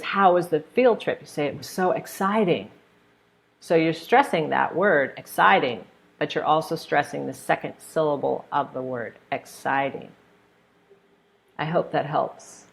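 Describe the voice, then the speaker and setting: Low, gravelly American woman teaching. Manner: friendly, explains with examples and answers questions. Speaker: English pronunciation teacher. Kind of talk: live online webinar lesson.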